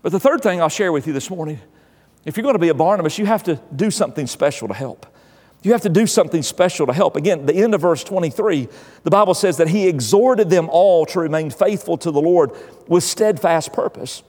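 A man's voice: fairly high pitch, animated, fairly quick, a little mellow, long reverb tail. A male pastor preaching a sermon, emphatic and exhorting, repeating key phrases.

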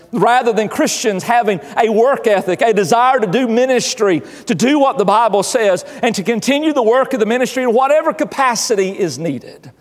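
A man's voice: high voice, long reverb tail. A male pastor delivering an earnest sermon in a church, often repeating his phrases. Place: church sanctuary.

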